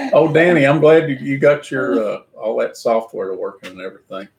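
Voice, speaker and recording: A hoarse middle-aged man with a Southern Kentucky accent hosts a casual live chat. His pitch swings up and down as he jokes and laughs his way through viewers' comments. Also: animated, moderate pace. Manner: chatty, joking, laughs often. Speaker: livestream host.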